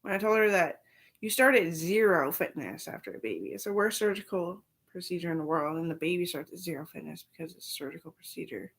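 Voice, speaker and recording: A woman's voice: lowish voice, quick pace, breathy edge. A young woman and mother chatting casually and profanely, rambling through stories and quoting other people's voices. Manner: profane, storytelling with quoted voices.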